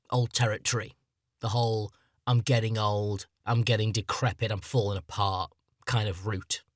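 This podcast host is a man in his 30s with a medium-pitched voice, captured cleanly in the studio with no room sound. He delivers a comedic solo monologue, wandering off on tangents and poking fun at himself in a chatty way.

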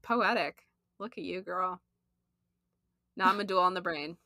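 A woman's voice: fairly low pitch, measured pace, pushed and bright, no echo, clean studio sound. A young woman co-hosting a podcast, talking casually with lots of fillers and frequent laughs. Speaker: podcast co-host. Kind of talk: casual chat.

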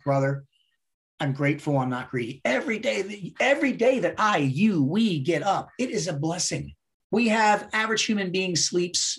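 A man as a podcast guest talking casually, blunt and heavily profane, driving his points home with repetition. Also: on the high side. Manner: emphatic, repeats words for effect. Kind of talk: casual interview talk.

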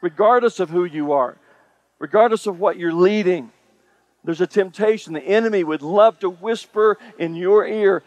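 Man, pastor, sermon, high voice, emphatic repeated phrases, dry close sound. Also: normal speed, dry recording, muffled recording. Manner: emphatic preaching, repeats phrases, addresses congregation directly.

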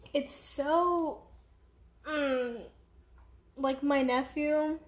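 Young woman, high voice, unhurried rambling vlog chat, filler-heavy, roomy home echo. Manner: rambling, distracted, many fillers. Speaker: vlogger. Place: room at home.

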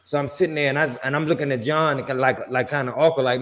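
A man's voice: fast, few pauses. A man, a podcast co-host telling a funny story in casual chat, his voice jumping up when he quotes himself. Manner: animated storyteller, pitch jumps on quoted lines.

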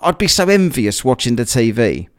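A man's voice: mid-range voice, big pitch swings, moderate pace. A man hosting a casual solo podcast, rambling and chatty with lots of fillers, a bit out of breath after a workout. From England. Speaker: podcast host.

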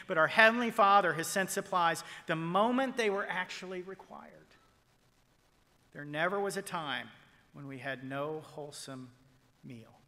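A male pastor preaching a sermon, swinging from loud proclamation to hushed whispers as he retells a story and quotes people in it. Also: on the high side, big-room sound. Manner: quotes figures in a retold story.

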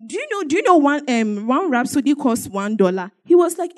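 A woman's voice: sits high, big pitch swings, normal speed. A woman giving an emotional church testimony, telling her story emphatically with repetition and bursts of laughter.

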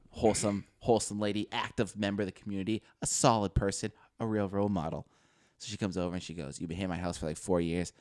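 A young man, co-hosting a podcast and telling a story in casual chat, animated and laughing as he swears. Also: low voice, no echo, clean studio sound. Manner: animated, laughs through his own story, swears freely. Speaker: podcast co-host.

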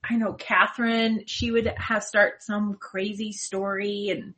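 A woman reminiscing in a casual group chat, with drawn-out sentences full of "like". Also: mid-range voice, flat delivery, fairly bright tone. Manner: reflective, drawn-out storytelling with fillers.

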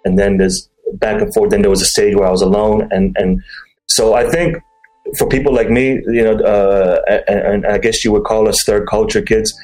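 A man with a low voice talks loosely and informally, circling back with restarts and fillers. He leans on slang and keeps it conversational. A faint music bed sits under the recording. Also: fairly even intonation, normal speed, darkish tone, low-quality recording. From mixed English and Chinese, raised abroad. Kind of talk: casual podcast conversation.

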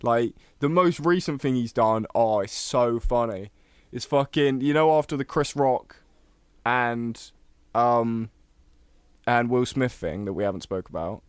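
A man's voice: medium pitch, measured pace, smooth, no room sound. A young man, co-hosting a casual podcast, swearing freely and teasing his friend in rambling banter. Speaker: podcast co-host.

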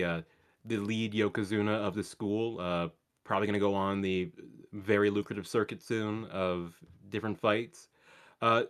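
Sardonic low-voiced male podcaster. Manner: sardonic, swears casually, halting restarts. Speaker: podcast co-host. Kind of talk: casual chat.

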